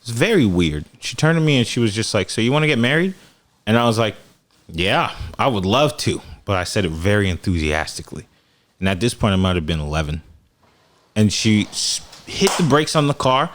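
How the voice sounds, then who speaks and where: A young man in his twenties co-hosting a podcast, telling stories casually and acting out quotes with big jumps in voice. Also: a little fast. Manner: animated storyteller, acts out quotes with big pitch jumps. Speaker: podcast co-host. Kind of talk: casual chat.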